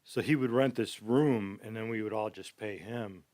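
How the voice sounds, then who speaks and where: A man's voice: lowish voice, a little mellow, no echo. A middle-aged man, a skatepark ramp builder, telling long rambling stories in a casual podcast chat and agreeing often. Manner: rambling storyteller, quick to agree.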